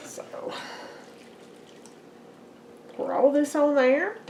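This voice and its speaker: She has a high, animated voice with a darkish tone, delivered extremely slowly as she casually hosts her home cooking channel and calls viewers guys and folks. In the echoey kitchen, dishes and utensils clink over a little hiss or hum.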